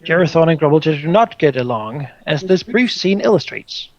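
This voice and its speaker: A man's voice: a little high, animated, moderate pace, hardly any pauses, darkish tone, dull audio. A man acting as game master, reading prepared scenes to his players with frequent restarts. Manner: storytelling with many restarts and "uh".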